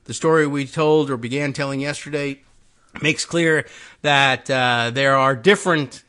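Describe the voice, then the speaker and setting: A man hosting a talk show, musing in a wry, sarcastic way with frequent pauses and fillers. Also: medium pitch, steady tone, sharp tone, clear, resonant tone. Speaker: podcast host. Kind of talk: casual political talk.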